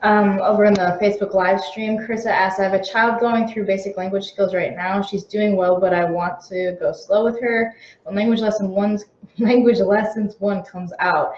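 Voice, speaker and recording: A woman with a lilt reads out viewer questions in a chatty, playful way. Her voice sits at a middle pitch. The audio is roomy and slightly muffled. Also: steady tone, moderate pace, darkish tone. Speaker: co-host reading viewer questions. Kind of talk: casual live-stream Q&A. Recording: roomy, slightly dull live-stream audio.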